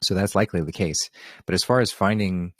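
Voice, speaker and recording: A man's voice: deep voice, fairly quick, no echo, studio quality. A man hosting an open question session on a group video call, talking in an easygoing, rambling way with many fillers. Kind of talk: casual spiritual talk on a group call.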